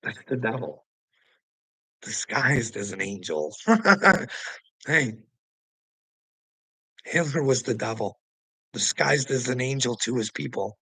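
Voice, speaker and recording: Man, heated profane rant, bright edgy tone, dry close sound. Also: mid-range voice, expressive, slow, long pauses, husky, no echo, rough recording. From Canada. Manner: profane, heated, laughs between points. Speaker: vlogger. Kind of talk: angry political rant to viewers.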